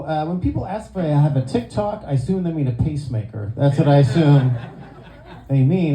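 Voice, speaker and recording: A man's voice: on the high side, animated, brisk, dark tone. An older man doing a stand-up comedy set, self-deprecating and chatty with lots of "uh"s, in a live venue. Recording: roomy live venue sound.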